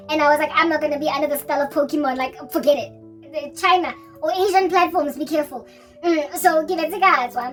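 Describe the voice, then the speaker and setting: A woman's voice: high voice, recorded from a distance. A woman rambling animatedly in a casual vlog chat, now and then breaking into snatches of song. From South Africa. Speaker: Christian vlogger.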